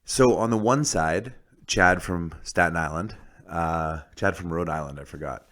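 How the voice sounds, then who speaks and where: A man with a very low voice talking on a casual podcast. He is blunt and swears freely, running on with fillers and quick restarts. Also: fairly bright tone. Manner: blunt, profane, fast-talking with many "like"s and restarts. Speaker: podcast host, oil industry commentator.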